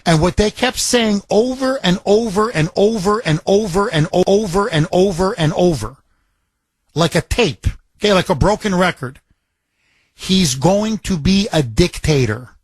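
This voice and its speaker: A man's voice: sits high, animated, measured pace, slightly rough, dry recording. A man hosting a political talk radio show, delivering an impassioned, emphatic monologue full of repetition.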